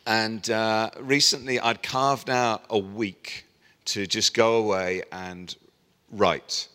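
A middle-aged man preaches, telling a story and acting out the voices of the people in it. His voice is bright and forward. It rings out with a long reverb, as if he stands in a large hall. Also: lowish voice, takes it slowly, clear, resonant tone. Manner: storytelling, animated voicing of quoted people. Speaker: pastor. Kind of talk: sermon.

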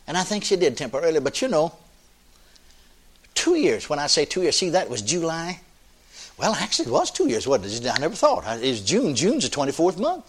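An older man preaching a sermon in a folksy, animated way, often laughing with his congregation. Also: medium pitch, quick pace.

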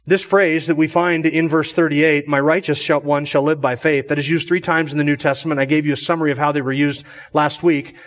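A man preaching a measured expository sermon as pastor. He repeats phrases for emphasis and lifts his voice on key words. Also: a little high, steady tone.

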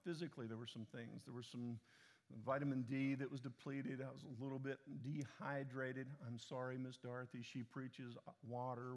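A man's voice: mid-range voice, little pitch movement, moderate pace. A middle-aged man preaching a sermon to a church congregation, often repeating words as he restarts, with conversational asides to the people. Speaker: pastor.

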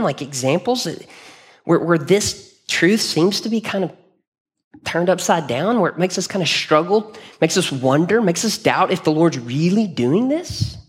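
Male pastor, sermon delivery, earnest and conversational, slightly higher voice. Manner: conversational, earnest, with frequent restarts. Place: church hall.

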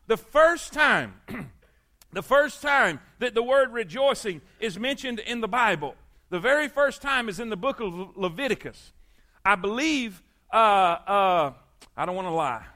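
High, bright-voiced preaching man. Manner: repeats phrases for emphasis, rises into preaching intensity; calls on the congregation for amens. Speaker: pastor. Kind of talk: sermon.

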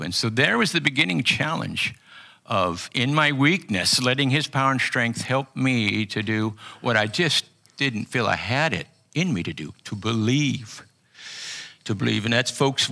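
An older man preaching an earnest personal testimony sermon, halting often with restarts. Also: mid-range voice, gravelly, pushed and bright. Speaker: pastor.

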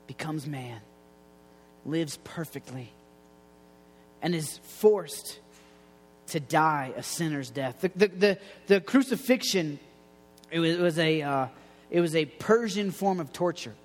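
A man preaching a casual sermon in a loose, slangy way, going soft and low on quoted lines. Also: big-room sound. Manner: conversational, slangy, drops quiet for quoted lines.

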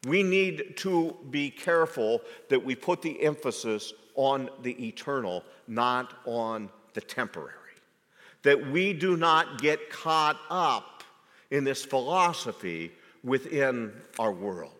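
Pastor, male, slow deliberate sermon delivery with emphatic questions, long hall reverb. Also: medium pitch, expressive, a bit bright. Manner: measured delivery, rising to emphatic rhetorical questions.

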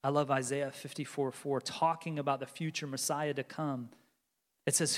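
A man in his forties preaching a sermon, moving between loud urgency and hushed, near-whispered lines. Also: mid-range voice, fairly even intonation, moderate pace. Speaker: pastor. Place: large church sanctuary. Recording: long reverb of a large church hall.

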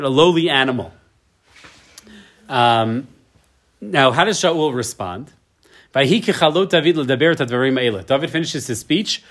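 With a slightly high, somewhat bright voice, a man in his thirties runs an informal Torah lesson. Verse by verse, he reads the Hebrew and translates it, chatting along and tacking "right?" onto his lines.

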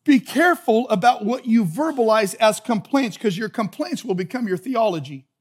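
High-voiced man preaching a sermon. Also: expressive, moderate pace, husky. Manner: earnest, emphatic preaching with repeated phrases. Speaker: pastor. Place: church sanctuary.

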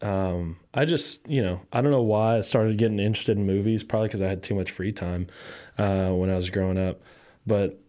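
A man's voice: fairly low pitch, fairly quick, warm tone. A man guest on a podcast, telling rambling, easygoing stories in casual chat with many fillers.

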